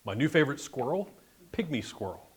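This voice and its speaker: Speaking with a brisk, sing-song delivery and a breathy edge, this mid-range-voiced man is the guest presenter at a bird club meeting. In a meeting room before a live audience, he runs a slide show about a birding trip, chatty and joking with plenty of asides.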